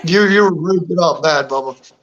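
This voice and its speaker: A man hosting a casual live-stream chat, rambling and filling every pause with "you know". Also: on the high side, a bit bright, dull audio. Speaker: host.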